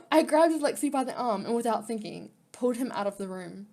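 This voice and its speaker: Woman, slightly high voice, gaming channel host reading a visual novel, gasps and emotional reactions. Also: animated, fairly quick, a little mellow. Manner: emotional, gasping, near tears. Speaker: gaming YouTuber.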